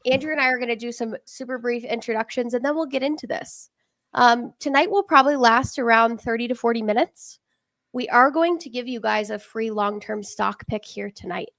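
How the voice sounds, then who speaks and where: Woman webinar host, welcoming and upbeat, creaky voice, dry video-call sound. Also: a little high, fairly quick, a bit bright, no echo. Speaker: webinar host, product director. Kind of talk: live trading webinar chat. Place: home in Denver.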